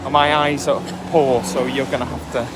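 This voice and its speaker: A man's voice: medium pitch, little pitch movement, normal speed, background noise. A man co-hosting a podcast, chatting casually about football with lots of ums, recorded outdoors on the move. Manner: chatty, hesitant with frequent ums. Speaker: podcast co-host.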